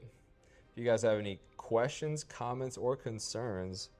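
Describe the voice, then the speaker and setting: A man's voice: mid-range voice, takes it slowly, a little mellow, faint music behind. A man chatting casually on a live stream while he paints. He swears often, and he chants and whispers to himself as he works.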